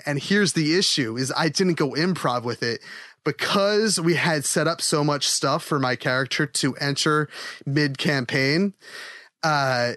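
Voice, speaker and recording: A man hosting a podcast, telling rambling, animated stories in casual chat. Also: on the high side, dry recording. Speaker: podcast host.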